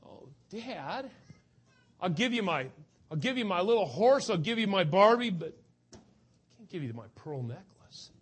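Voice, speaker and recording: A man voicing a little girl in a sermon story, speaking softly and pleading. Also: high voice, very animated, normal speed, husky, pitched above the performer's own voice, exaggerated voice. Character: little girl pleading to keep her necklace.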